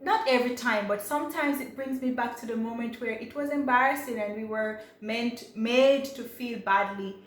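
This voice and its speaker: A woman's voice: fairly high pitch, normal speed, hardly any pauses. A young adult woman from Jamaica with a Jamaican accent, chatting casually and reflectively to camera, with many fillers and restarts. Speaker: vlogger. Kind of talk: casual personal talk to camera. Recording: echoey room with faint ambient noise.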